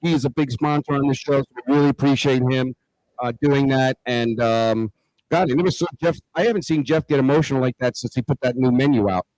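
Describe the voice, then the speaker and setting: A man's voice: medium pitch, a little fast, darkish tone, dry recording, rough recording. A man hosting a casual talk show, enthusiastic and full of fillers as he reads sponsor thanks. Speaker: show host. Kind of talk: casual chat.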